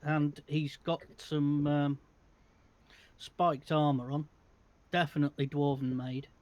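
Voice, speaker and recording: A man narrating as game master of a tabletop game, describing scenes haltingly with many pauses and fillers. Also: fairly high pitch, flat delivery, darkish tone, dull audio.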